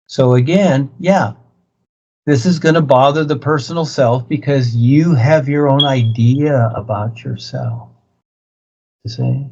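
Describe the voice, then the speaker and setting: A man's voice: medium pitch, unhurried, vocal fry, a little mellow, breathy edge. Brief: man, spiritual teacher type, lecturing over a dull video call, repeats himself, keeps pressing his point. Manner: insistent, repetitive, preachy. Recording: muffled video-call audio.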